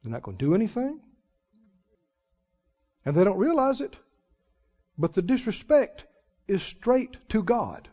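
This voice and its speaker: A man preaching a sermon as pastor, folksy and emphatic, with sudden loud swells and drawn-out words. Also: high voice, huge pitch swings. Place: church sanctuary. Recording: muffled recording in a reverberant church hall.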